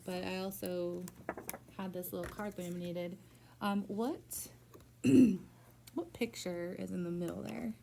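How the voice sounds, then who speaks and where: Gravelly, mellow-voiced woman teacher. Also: lowish voice, slight background noise. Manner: patient, stretches words out slowly to model syllables. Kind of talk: one-on-one phonics lesson. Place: school room with a whiteboard.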